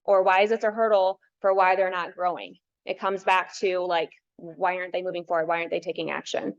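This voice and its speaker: A woman's voice: lowish voice, flat delivery, brisk. A woman coach talking casually to a workshop, thoughtfully explaining her approach step by step. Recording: dull lo-fi sound.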